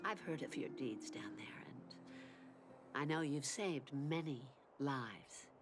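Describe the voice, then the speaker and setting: A tender old mother in a video game, low and unhurried. Her pitch swings widely as she comforts her grown daughter. Game music plays behind her. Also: lively intonation, heavily acted. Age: older. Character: Natasha's old mother, gentle and loving. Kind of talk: game voice acting.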